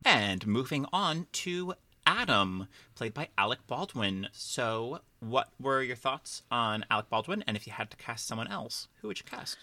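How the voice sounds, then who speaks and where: Chatty guy podcast host, super bright voice, dry close mic, lots of likes and restarts. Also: medium pitch, very animated, a little slow, no room sound. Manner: chatty, rambling with many fillers and restarts. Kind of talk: casual film discussion.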